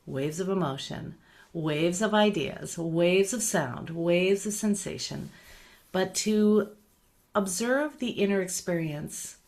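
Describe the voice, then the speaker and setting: A middle-aged woman guides a meditation in a low-sitting voice, speaking gently and without hurry. Her soft, repeated words trail off quietly.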